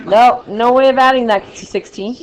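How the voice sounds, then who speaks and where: A woman teaching a math lesson to a class, loud and excitable, joking about herself as she works through problems. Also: a little high, moderate pace, poor audio. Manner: loud, excitable, self-mocking.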